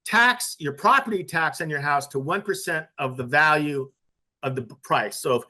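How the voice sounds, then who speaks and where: Male panelist, bright and a bit high, talking through a long explanation. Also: normal speed. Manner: explains at length through a story. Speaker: podcast panelist. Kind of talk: casual panel discussion.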